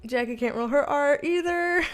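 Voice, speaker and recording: A woman's voice: high-pitched, measured pace, soft background music. A young adult woman from the United States hosting a casual live chat, a bit tipsy, giggly and rambling, swearing casually as she reads out the chat. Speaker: livestream host reading chat.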